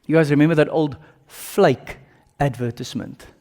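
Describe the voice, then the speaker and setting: High-voiced preacher with an Afrikaans accent. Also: male voice, normal speed. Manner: dramatic swings between loud bursts and hushed lines. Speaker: pastor. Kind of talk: sermon. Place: church service.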